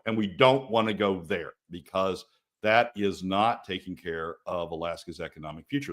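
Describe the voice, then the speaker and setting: A man with a somewhat low voice talks as a guest on a radio show. He is fervent and repeats key phrases, and his pitch spikes sharply when he gets angry. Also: fairly even intonation, a little fast, noisy background. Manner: fervent, repetitive, voice jumps up in anger. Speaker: guest policy analyst. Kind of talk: political talk radio commentary.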